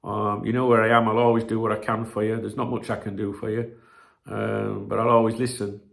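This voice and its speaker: Host, male, casual stream chat: rambling, blunt, foul-mouthed, gravelly edge. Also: lowish voice, level tone, brisk. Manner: rambling, blunt, swears freely. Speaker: channel host.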